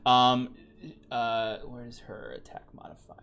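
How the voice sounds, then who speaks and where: A man in the game master's seat guides a tabletop session with a mid-range voice and a relaxed, halting delivery. He fills his pauses with "um" and often restarts his sentences. A faint hum of ambience sits behind him. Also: medium pitch, gravelly, lo-fi sound. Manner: easygoing, halting, many fillers and restarts. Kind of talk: running a tabletop game, casual chat.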